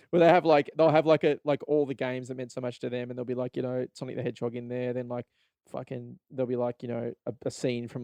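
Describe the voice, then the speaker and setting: A man's voice: mid-range voice, dry recording. A young Australian man hosting a podcast, ranting casually with lots of swearing and laughter. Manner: profane, rambling, animated, laughs often. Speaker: podcast host. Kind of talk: casual solo podcast rant.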